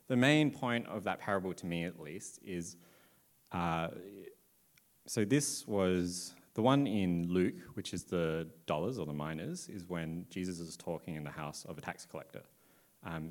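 Speaking in a very low voice, a church speaker gives a relaxed, informal Bible talk to listeners gathered in an indoor room. He loosely paraphrases the story and fills his pauses with lots of ums.

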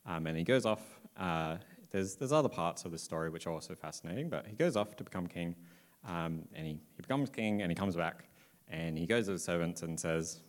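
A man with a very low voice gives a relaxed Bible talk to a group gathered in a room. He speaks loosely and informally, filling pauses with plenty of ums as he paraphrases the story. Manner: casual, many filler ums, loosely paraphrasing. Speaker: church speaker. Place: indoor room with listeners.

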